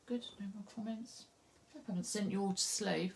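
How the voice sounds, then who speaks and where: A woman's voice: mid-range voice, brisk, vocal fry, darkish tone. A woman with an Essex accent teaching a live painting demonstration, chatting and thinking aloud as she works. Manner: chatty, self-deprecating, thinks aloud while working. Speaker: craft tutor.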